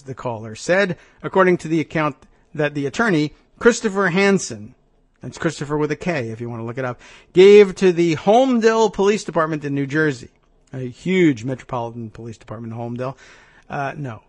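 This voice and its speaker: A man's voice: fairly high pitch, lively intonation, fairly quick, no room sound. Wry man hosting a talk show. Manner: wry, sarcastic asides. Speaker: radio talk show host. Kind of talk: reading news aloud with commentary.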